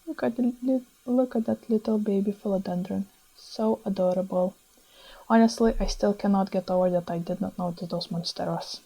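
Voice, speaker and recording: A young woman with a Lithuanian accent, chatting excitedly over her own plant shopping footage with small grammar slips. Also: mid-range voice, moderate pace, husky, low-quality recording. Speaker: plant vlogger.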